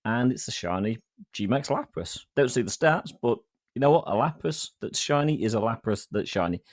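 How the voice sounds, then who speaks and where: Lively, teasing podcast co-host. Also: male voice, medium pitch, normal speed. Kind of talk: casual chat.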